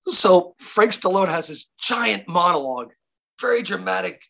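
Male actor guest, slightly high voice, bright tone, lively anecdotes full of restarts. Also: a little slow, gravelly. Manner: animated, many restarts and fillers. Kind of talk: casual interview storytelling.

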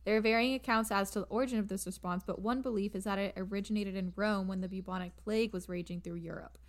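A woman's voice: mid-range voice, quick pace. A young woman co-hosting a casual podcast chat, laughing often and telling stories with animation. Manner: giggly, animated storyteller. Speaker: podcast co-host. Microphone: remote call mic.

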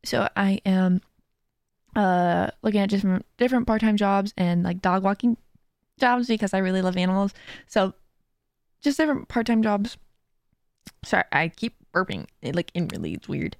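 A woman's voice: medium pitch, animated, normal speed, creaky, pauses often, darkish tone, no echo. A young adult woman hosting her own podcast, chatting casually and rambling with many fillers and giggles into a close mic. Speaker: podcast host and streamer. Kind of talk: casual chat. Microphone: speaking into a close mic.

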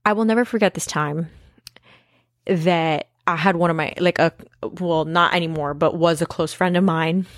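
A woman's voice: lowish voice, steady tone, normal speed, no room sound, clean studio sound. A woman in her twenties talking candidly to camera in a casual confessional monologue, emphatic and swearing freely. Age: 20s. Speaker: vlogger.

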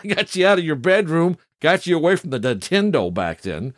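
Lively middle-aged male podcast host. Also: on the high side, normal speed, no room sound, clean studio sound. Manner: rambling and chatty, with repeated asides to the listener. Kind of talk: casual storytelling podcast.

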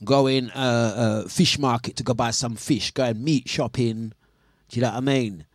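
A man's voice: medium pitch, fairly even intonation, normal speed, no room sound, studio quality. A man hosting a casual breakfast radio show, chatty and indignant, laughing often as he reads out complaints.

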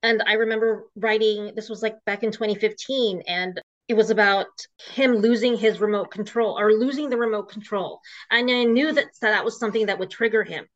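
A woman's voice: mid-range voice, steady tone, brisk, few pauses. A woman guest telling her own story in an emotional, rambling way, full of restarts. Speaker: interview guest. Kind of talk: personal storytelling. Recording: dull lo-fi audio.

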